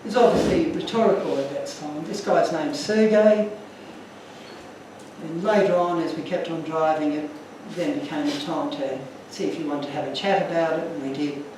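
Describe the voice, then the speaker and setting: A man's voice: a little high, fairly even intonation, moderate pace, distant mic, background noise. Earnest man telling stories in echoey room. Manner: earnest, emotional storytelling. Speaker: speaker. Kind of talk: illustrated talk to an audience.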